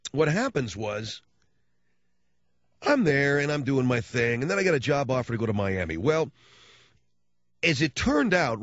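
Male radio host, rambling storyteller, very lively pitch, dry dull studio sound. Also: no room sound. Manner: rambling, animated, slangy. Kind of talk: casual storytelling monologue.

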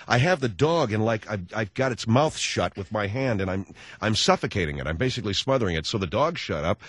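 Lively sardonic man ranting on radio. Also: medium pitch, no echo. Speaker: radio talk show host. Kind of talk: comedic radio monologue.

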